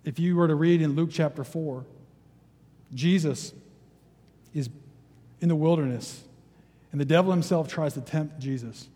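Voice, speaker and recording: A male pastor giving a sermon, reading scripture aloud and then retelling it in relaxed, conversational terms. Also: on the high side, unhurried, long pauses, slightly rough, in a large hall. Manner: reads scripture, then retells it in casual everyday speech. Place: church sanctuary.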